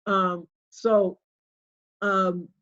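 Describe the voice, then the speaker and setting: A middle-aged woman, a homeschooling mother and guest speaker, telling stories in a rambling, animated way with many restarts. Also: medium pitch, drawn-out words, muffled recording. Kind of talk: conversational livestream talk.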